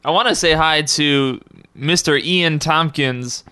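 A man's voice: on the high side, slow pace, sharp tone. A young man hosting a casual podcast, rambling and laughing often as he tells stories. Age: young adult. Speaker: podcast host.

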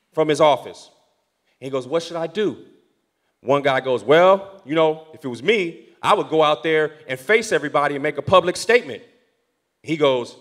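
A young man preaching, telling a story from the pulpit and moving between hushed, prayerful passages and loud, excited ones. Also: on the high side. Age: young adult. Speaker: pastor. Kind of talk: sermon storytelling.

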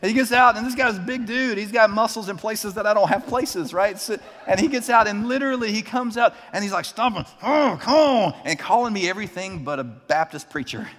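A fairly high-voiced male preacher delivers a sermon in a reverberant hall. He builds his point through a personal story, acting out the people in it with animated energy. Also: a little fast, hardly any pauses. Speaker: pastor.

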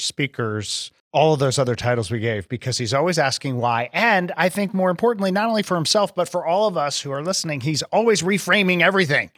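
A man's voice: mid-range voice, a bit bright, dry recording, clean studio sound. A man hosting a podcast, asking open questions and thanking his guest with appreciation. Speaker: podcast host. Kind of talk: podcast interview.

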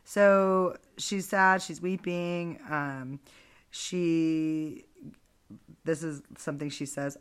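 Low-pitched woman hosting a casual faith podcast, chatty and rambling with asides. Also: fairly even intonation, extremely slow, smooth. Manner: chatty, digressive, frequent asides. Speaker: podcast host. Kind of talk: casual Bible storytelling podcast.

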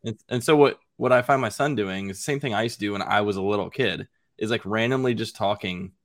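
Rambling low-voiced man chatting. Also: fast talker, no room sound, clean studio sound. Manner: rambling, repeats words, self-deprecating humor. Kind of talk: casual chat.

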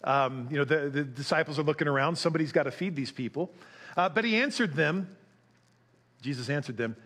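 A man's voice: a little high, a little fast, fairly bright tone. A man preaching a sermon as pastor, conversational, asking the congregation questions and acting out quotes.

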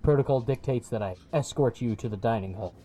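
A man's voice: medium pitch, a little fast, mellow, a little hiss or hum, natural voice. A man voicing a stern guard whose voice comes out muffled from under a helmet.

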